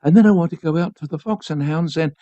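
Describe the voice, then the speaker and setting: A man's voice: fairly high pitch, fast, dark tone, voice pushed up, close to an everyday voice. A man reading a storybook, voicing a jealous, demanding little boy in a raised, eager voice. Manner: eager, insistent child's pleading. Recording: dull lo-fi community radio.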